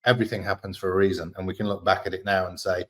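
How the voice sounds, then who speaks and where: A man with a very low voice and an Australian accent, talking casually as a guest. He tells his stories in a relaxed, candid way and swears now and then. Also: rapid-fire. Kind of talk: casual storytelling chat.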